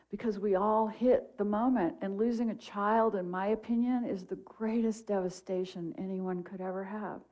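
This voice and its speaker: A woman's voice: medium pitch, steady tone, moderate pace, few pauses, warm tone. A woman guest minister giving a conversational sermon at a church service, telling personal stories in an earnest, heartfelt, chatty way.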